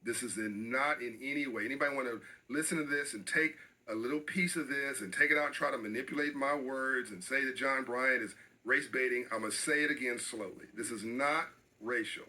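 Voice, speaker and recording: A man's voice: mid-range voice, a little fast, hardly any pauses, pushed and bright, poor audio. A middle-aged man speaking as an interview guest, passionate and emphatic, often repeating phrases for stress.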